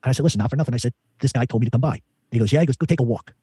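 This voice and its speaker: A man's voice: mid-range voice, very fast, dark tone, breathy edge, dry recording. A man telling a story in an interview, rambling with many restarts. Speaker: podcast guest.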